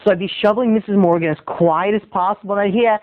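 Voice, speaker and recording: A man's voice: sits high, steady tone, rapid-fire. A man, a video blogger, telling a rambling comic story in a theatrical way. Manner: theatrical, rambling, jumps into voices. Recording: muffled lo-fi phone-like sound.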